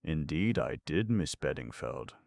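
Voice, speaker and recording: A man's voice: rumbling low, very animated, measured pace, creaky, darkish tone, no echo, full character voice. A man voicing a nervous, evasive middle-aged male secretary who stammers and hesitates. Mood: flustered.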